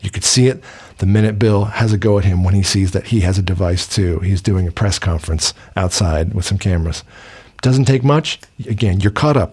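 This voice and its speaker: Male reviewer, fairly low voice, chatty and rambling. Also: a little mellow. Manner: rambling, with many fillers and restarts. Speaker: film reviewer. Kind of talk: casual movie review.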